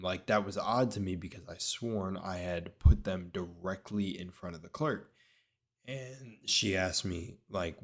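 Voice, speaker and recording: A man's voice: low voice, fairly even intonation, normal speed. A young man telling a long story in a rambling, casual way, full of filler words and restarts. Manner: rambling, lots of filler words, self-correcting. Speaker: vlogger.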